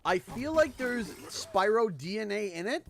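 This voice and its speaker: A man from Canada chatting casually on a game livestream, telling a story with lively quoted voices. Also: high-pitched, measured pace, vocal fry. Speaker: streamer. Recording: faint music behind.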